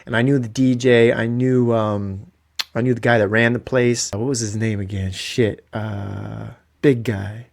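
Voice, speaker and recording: Excitable Canadian man telling stories. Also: medium pitch, measured pace, gravelly. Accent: Canadian English. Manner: rambling, excitable, swears freely. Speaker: podcast host. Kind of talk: casual solo podcast storytelling.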